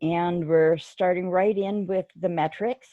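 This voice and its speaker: A woman's voice: on the low side, fairly even intonation, unhurried, dry recording. A woman presenting a webinar, laying out topics in an orderly, explanatory way over a video call. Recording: dull, lo-fi video call audio.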